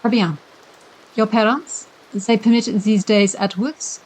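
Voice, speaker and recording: Female reader as a prim, shrill French governess, broken English, mid pitch. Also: fairly even intonation, takes it slowly, darkish tone, rough recording. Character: French governess, prim, brisk, then softening.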